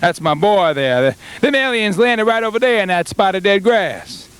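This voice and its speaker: A man's voice: high voice, animated, normal speed, a bit bright, smooth. A man playing a boastful rural farmer in a comedy sketch, rambling and stumbling over his words. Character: boastful rural male farmer, middle-aged, folksy.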